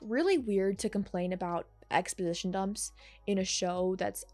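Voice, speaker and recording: A woman casually reviewing a TV episode in a chatty, sarcastic way, with animated asides. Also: mid-range voice, moderate pace, soft background music. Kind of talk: casual video commentary.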